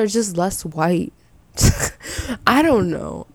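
A young woman hosts her podcast alone, wandering from thought to thought with a stream of "like" and half-finished asides. Her voice sits a touch low with a slight rasp. The sound is close and very dry, with no room around it. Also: very animated, a little slow, a little mellow, no echo. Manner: rambling, chatty, with filler 'like' and self-doubting asides. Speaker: podcast host. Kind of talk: casual solo podcast chat.

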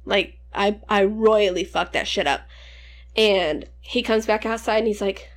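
A podcast co-host in her twenties, with a medium-pitched voice and measured pace, tells rambling, profane childhood stories in casual chat, laughing as she goes.

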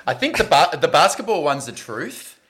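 A man's voice: a little high, very animated, normal speed, a bit bright. A man with an Australian accent, co-hosting a podcast and thinking aloud in a hesitant, casual way. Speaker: podcast co-host.

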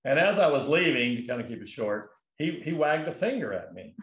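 A man's voice: mid-range voice, very animated, brisk, echoey room, background noise. A man telling a long personal story in a casual, rambling way, full of restarts and fillers. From California. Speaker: guest.

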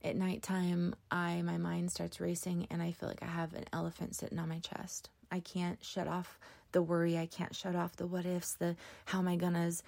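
Middle-aged woman host, earnest confessional podcast delivery, low gravelly warm voice, flat even intonation, dry close sound. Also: normal speed, dry recording. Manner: earnest, emotional, with many restarts. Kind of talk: personal testimony podcast.

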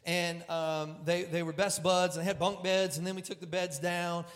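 A man with a high, light voice preaches a sermon in a storytelling way. He pokes fun at himself and moves from loud, lively stretches to quiet, earnest ones. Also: normal speed. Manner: animated, self-deprecating, swings from loud to hushed. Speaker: pastor.

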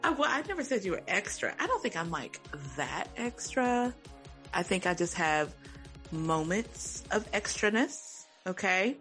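A woman co-hosting a podcast, telling a funny story in an animated, laughing, chatty way. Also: medium pitch, a little slow, faint music behind. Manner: animated, laughing, exclaiming, talks to listeners as "y'all". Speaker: podcast co-host. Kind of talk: casual chat, storytelling.

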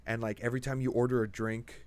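A young man co-hosting a podcast, telling anecdotes with lively acted-out bits. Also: medium pitch, quick pace, no echo. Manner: animated storyteller, acts out people in anecdotes. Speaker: podcast co-host. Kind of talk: casual chat.

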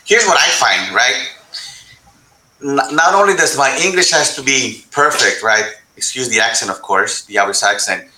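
A man with a strikingly bright voice speaks on a panel in an echoey room. He talks in an animated way, mixes English with Spanish, and keeps tossing in "right?". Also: mid-range voice, moderate pace. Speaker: panel guest. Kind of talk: panel discussion.

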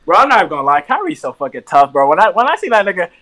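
A man co-hosting casual sports banter, telling stories in an animated, profane way and saying "bro" a lot. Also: sits high, very fast. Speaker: podcast co-host.

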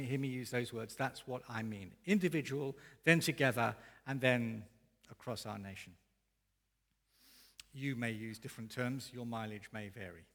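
A man preaching a sermon as pastor, with emphatic, expressive delivery that rises and falls in intensity. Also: mid-range voice, creaky, long reverb tail.

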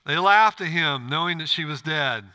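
Bright-voiced man preaching a sermon. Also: fairly high pitch, moderate pace, clean tone. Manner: earnest preaching with rhetorical questions to the congregation. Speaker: pastor. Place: church.

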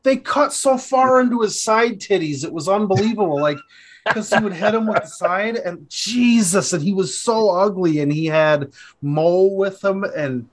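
A man from Minnesota co-hosting a podcast, telling crude stories in an animated way and laughing often. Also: high-pitched, normal speed. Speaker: podcast co-host. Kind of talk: casual chat.

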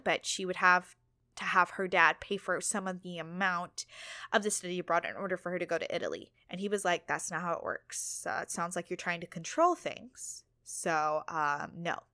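Female podcast host, bright tone, dry close sound, candid and loose. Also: lowish voice, no room sound. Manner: candid, swears freely, laughs at herself. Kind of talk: casual solo monologue.

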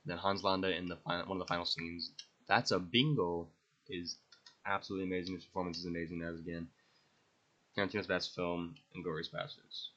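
A man's voice: low voice, level tone, quick pace, a bit bright, muffled recording. A young man hosting a podcast, rambling enthusiastically through his favorite movies and swearing freely. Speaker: podcast host. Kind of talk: casual movie ranking monologue.

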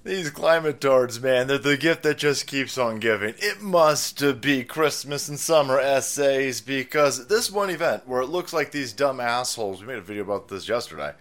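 A man's voice: mid-range voice, expressive, moderate pace, hardly any pauses, fairly bright tone. A man hosting a commentary show, ranting in a foul-mouthed, mocking way. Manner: foul-mouthed, mocking, laughs at own jokes.

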